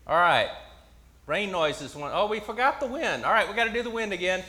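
A man leading an interactive Bible story in church, coaxing his listeners to make sound effects and shouting the quoted lines himself. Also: high voice, lively intonation, normal speed. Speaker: preacher leading a children's message.

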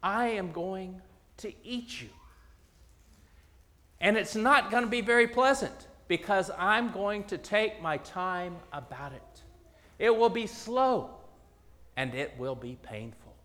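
A man voicing a hungry, menacing male wolf who threatens slowly, heard in an echoey hall. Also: high voice, expressive, sharp tone, heavily acted. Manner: slow, threatening.

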